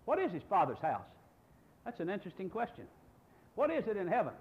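Older male pastor in his 60s, high animated voice, emphatic sermon delivery, muffled lo-fi recording. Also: a little fast. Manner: emphatic preaching with rhetorical questions.

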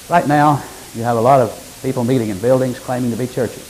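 A man preaching a sermon, reading scripture aloud and explaining it, with sudden emphatic rises in pitch and loudness. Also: quick pace, hardly any pauses, poor audio. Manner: emphatic, rising to sudden loud peaks.

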